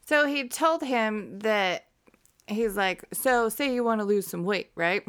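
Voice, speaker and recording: A woman with a smooth, clear voice co-hosting a chatty podcast. She talks casually and swears freely. She reads out phone call transcripts in an easy, conversational way. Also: mid-range voice, animated, takes it slowly, a bit bright. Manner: laughs often, swears casually. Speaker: podcast co-host. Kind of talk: casual chat, reading transcripts aloud.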